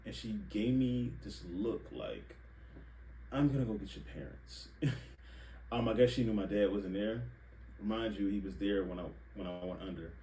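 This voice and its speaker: A young man hosting a podcast, telling candid personal stories in a frank, profane, animated way. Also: fairly low pitch, normal speed. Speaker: podcast host. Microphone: live stream setup. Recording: echoey room, distant mic, faint hiss.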